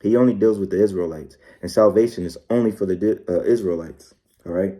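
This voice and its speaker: A man with a lowish, dark, mellow voice gives a loose, casual scripture lesson. He tags nearly every phrase with "all right" or "man" and reads verses slowly, with many fillers and restarts. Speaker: preacher.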